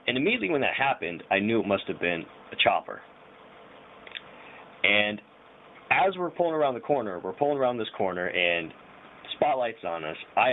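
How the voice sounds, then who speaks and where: Young guy, lowish voice, loose slang-heavy storyteller, tinny lo-fi audio. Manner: rambling, loose slang and frequent fillers. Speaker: vlogger. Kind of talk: casual storytelling. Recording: tinny phone-like audio with faint hiss.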